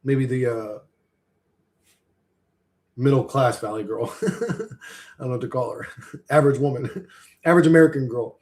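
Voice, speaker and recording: A man talks loosely through a live stream, wandering from thought to thought and dropping profanity along the way. His voice sits at an ordinary middle pitch, and he chuckles often as he rambles. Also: moderate pace, long pauses, darkish tone.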